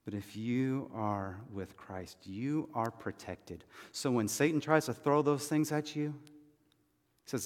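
A man preaching a sermon as pastor, moving between loud urgent pleading and soft, hushed reassurance. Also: fairly low pitch, animated, slow, long reverb tail.

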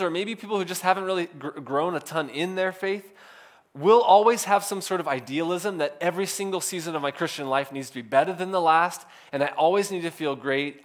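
Male pastor in his thirties, slightly raised pitch, preaching in a loose, chatty way. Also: a bit bright. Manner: casual, filler-heavy with frequent "like". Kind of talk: conversational sermon.

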